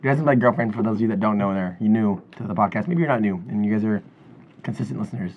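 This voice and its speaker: Husky, joking young male podcast co-host, rapid delivery, dull lo-fi recording. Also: on the low side. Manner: jokey, loud, talks over others. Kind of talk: casual chat.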